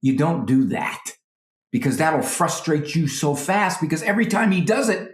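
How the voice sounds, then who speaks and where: A man with a slightly high voice, heard in a reverberant space, appears as a psychologist guest. He gives animated parenting advice, often acting out parents and children in quick voices.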